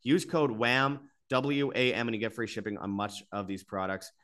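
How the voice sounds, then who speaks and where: A man's voice: on the low side, normal speed, a bit bright. A man hosting his own channel, delivering an exasperated, repetitive monologue that keeps rising into bursts before he reads sponsor spots. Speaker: host of an alternative media channel.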